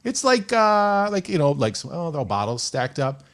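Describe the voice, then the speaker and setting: A man's voice: on the high side, moderate pace. A young man hosting a radio show, chatting casually and telling jokey stories. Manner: animated, joking storyteller. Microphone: studio microphone.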